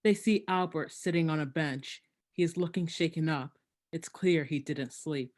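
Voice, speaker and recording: A reader calmly reading out stage directions for a play reading. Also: medium pitch, normal speed.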